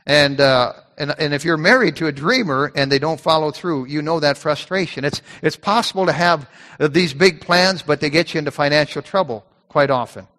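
A male pastor giving a sermon in a conversational style, often repeating words and reading scripture slowly. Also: fairly high pitch, fairly bright tone. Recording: long reverb of a church hall.

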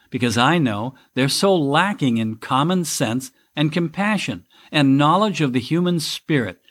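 A man's voice: mid-range voice, a bit bright. A man hosting a podcast, delivering a scripted political monologue in a wry, sarcastic manner. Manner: wry, sarcastic, mock voices for critics. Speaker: podcast host.

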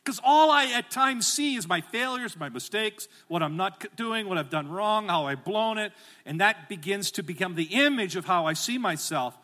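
A middle-aged man preaching a sermon as pastor, animated and rising to emphatic calls, asking the congregation to repeat phrases back. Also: sits high, normal speed.

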